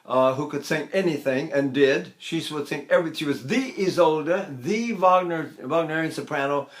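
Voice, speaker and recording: An older man gives a vocal technique lesson, and his speaking voice sits high for a man. He is animated and demonstrative, often jumping into sung or exaggerated spoken examples as he explains. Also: normal speed. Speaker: voice teacher.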